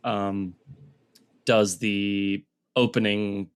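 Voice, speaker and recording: A man's voice: lowish voice, flat delivery, drawn-out words, clear, resonant tone. Rambling male podcast co-host. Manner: rambling, lots of fillers, puts on goofy voices when quoting. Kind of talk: casual chat.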